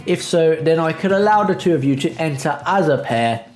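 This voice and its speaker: A man's voice: fairly high pitch, expressive, normal speed, darkish tone, echoey room, faint music behind, voice pushed up, lightly acted. A man doing a prim posh-accented lady. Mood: explaining. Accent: posh English. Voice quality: prim, formal, courteous. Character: prim, polite female raid den keeper.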